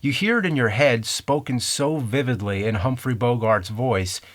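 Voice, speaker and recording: A man's voice: mid-range voice, normal speed. A man in his thirties talks through movie trivia in a scripted commentary. His voice sits in an ordinary middle register, and he explains things in a conversational, dryly amused way. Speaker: host.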